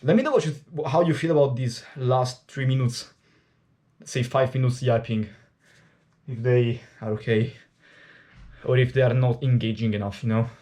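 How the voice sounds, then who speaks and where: A man's voice: medium pitch, fairly even intonation, normal speed, dark tone. An Italian man, a native Italian speaker, chatting casually and candidly to camera during his workout, rambling and swearing freely. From Italy. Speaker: fitness vlogger.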